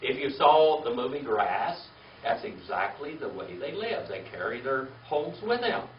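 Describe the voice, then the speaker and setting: A man with a mid-range, very animated voice teaches a Bible class at a slightly slow pace, spelling words letter by letter and having the class repeat them. It's in a classroom or church meeting room, recorded lo-fi and dull from a distant mic in an echoey space with slight background noise.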